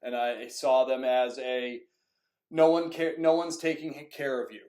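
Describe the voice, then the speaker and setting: A man's voice: medium pitch, unhurried. A man who coaches youth soccer, talking casually and acting out past conversations. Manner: animated storytelling, acts out conversations; frequent "like" fillers. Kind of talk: casual monologue. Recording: echoey room.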